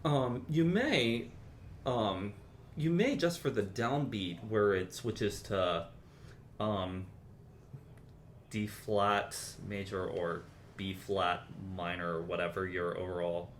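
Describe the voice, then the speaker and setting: A man teaching a private composition lesson, explaining in a relaxed, chatty way with many ums. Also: lowish voice, slow, slight background noise. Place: university music lesson room.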